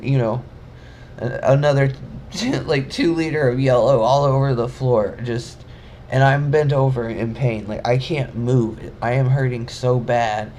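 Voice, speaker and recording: A man's voice: mid-range voice, darkish tone, a little hiss or hum. A young man telling a personal story in a casual vlog, rambling and emotional, with many fillers and restarts. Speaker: vlogger.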